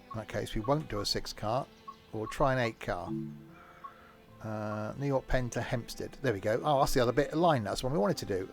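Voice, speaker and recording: A man's voice: medium pitch, gravelly. A British man chatting casually as he streams a train game, rambling into asides. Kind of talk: casual gameplay commentary.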